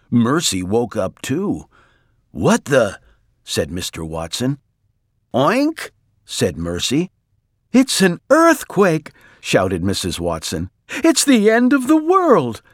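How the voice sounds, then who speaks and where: A man reading a children's story aloud in a slow, expressive way. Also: on the low side, husky, dry recording, clean studio sound.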